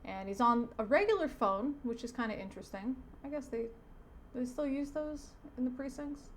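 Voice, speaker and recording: A woman with a somewhat high voice reads a comic aloud in casual, chatty commentary, the way a teacher might mark a student's work. She keeps correcting herself mid-sentence and lets her thoughts trail off into quiet, wry asides. A faint background hum sits under her voice. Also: expressive, normal speed. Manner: digressive, self-correcting, trails off softly.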